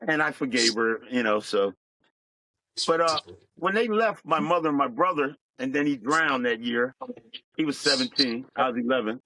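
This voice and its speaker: A middle-aged man telling his life story as a guest, in a plain, reflective, unhurried way. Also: medium pitch, lively intonation, sharp tone, low-quality recording. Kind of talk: personal storytelling.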